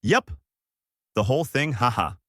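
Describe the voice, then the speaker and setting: A man voicing an eager, cheerful young boy who speaks excitedly in a raised voice. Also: a little high, moderate pace, husky, no room sound, studio quality, voice pushed up, exaggerated voice. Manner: excited, upbeat.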